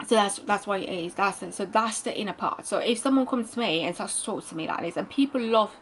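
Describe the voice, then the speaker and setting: A woman's voice: mid-range voice, fast, a little hiss or hum, rough recording. A woman vlogger telling a spiritual storytime in a rambling, musing way, with many restarts and fillers and a laugh now and then. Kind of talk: casual storytime monologue.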